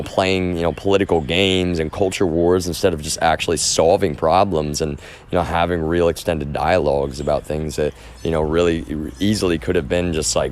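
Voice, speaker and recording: A man's voice: deep voice, a little hiss or hum. A man livestreaming a casual, unscripted monologue, rambling with many restarts and repeated phrases and insisting on his point again and again.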